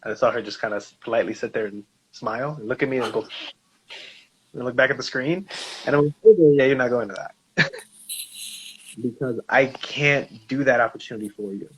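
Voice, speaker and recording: A man's voice: medium pitch, fairly quick, long pauses, a little hiss or hum. A man co-hosting a discussion show, telling a personal story in a casual way and acting out the dialogue. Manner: animated storyteller, acts out quoted dialogue. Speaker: podcast co-host. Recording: slightly dull, lo-fi sound.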